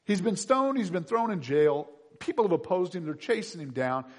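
Male pastor, husky voice, fairly high, lively pitch swings, chatty sermon to the congregation. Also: normal speed. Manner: animated, acts out quotes, asks the congregation questions. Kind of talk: conversational sermon.

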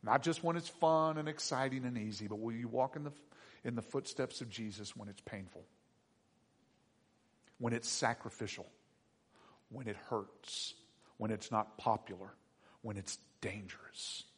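A man preaching a sermon as pastor, moving between hushed reflection and loud, excited bursts. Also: medium pitch, moderate pace, pauses often, husky. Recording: long hall reverb.

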